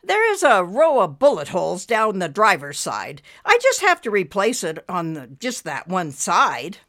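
A woman's voice: mid-range voice, wildly swooping pitch, a little slow, fairly bright tone, heavily acted. A woman voicing a cheerful husband in a wheelchair who collects junk cars, talking eagerly and coaxingly.

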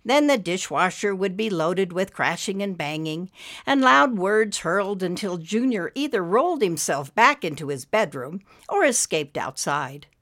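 A woman narrating an audiobook story in a steady, expressive storytelling manner. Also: on the low side, unhurried.

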